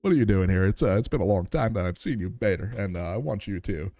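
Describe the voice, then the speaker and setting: A man putting on the voice of a laid-back cartoon family man, talking in a slow, easygoing way. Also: fairly low pitch, lively intonation, warm tone, no room sound, voice pushed down. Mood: friendly.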